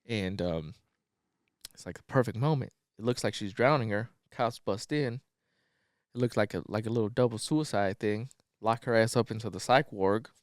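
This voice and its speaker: Profane, animated storytelling man. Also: lowish voice, normal speed, no room sound, clean studio sound. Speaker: podcast co-host. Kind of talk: casual plot recap.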